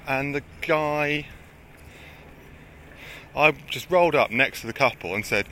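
A man's voice: medium pitch, sing-song, a little slow, pauses often, pushed and bright, a little hiss or hum. Rambling, sweary man telling stories. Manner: rambling, sweary, laughs often. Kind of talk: casual storytelling chat.

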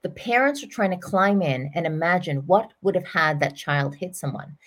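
A middle-aged woman, a parenting coach, talking through an example in an earnest, animated way as a podcast guest. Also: on the low side, moderate pace. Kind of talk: storytelling explanation in an interview.

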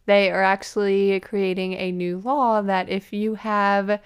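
A woman's voice: mid-range voice, little pitch movement, unhurried, clean tone. A woman co-hosting a podcast, telling chatty anecdotes in casual talk. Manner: chatty anecdotes, laughs softly. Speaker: podcast co-host. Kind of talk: casual storytelling chat.

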